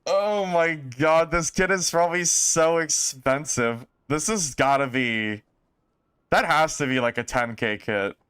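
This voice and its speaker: A man streaming a game, talking casually and exclaiming often in excitement. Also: mid-range voice, measured pace, smooth, no room sound, studio quality.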